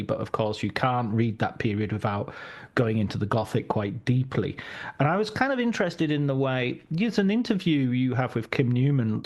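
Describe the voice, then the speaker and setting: A man from Cumbria hosting a podcast interview, chatty and quick to laugh, often restarting his sentences. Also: medium pitch, darkish tone. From Cumbria, England. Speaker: podcast host.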